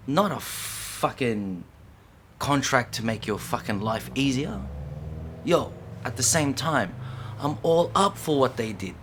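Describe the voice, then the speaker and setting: A man's voice: medium pitch, expressive, takes it slowly, fairly bright tone, breathy edge. A middle-aged man speaking to camera in an unscripted monologue, heated and profane, full of slang, who keeps checking in with "yeah?". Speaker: vlogger.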